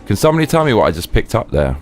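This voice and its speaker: Low-voiced British man streaming games. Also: very animated, very fast, a little hiss or hum. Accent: suburban middle-class British. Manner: casual, chatty, reacting to chat. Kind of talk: live gaming commentary.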